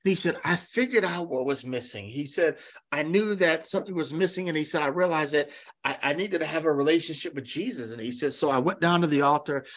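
Man, pastor, sermon, storytelling, emphatic preaching, slightly high-pitched. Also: brisk, a bit bright. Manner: storytelling with quoted dialogue, then preaching with rising emphasis.

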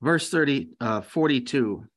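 A man's voice: mid-range voice, lively intonation, measured pace, fairly bright tone. A man preaching a sermon, telling a story with quoted dialogue before moving into emphatic preaching. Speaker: pastor.

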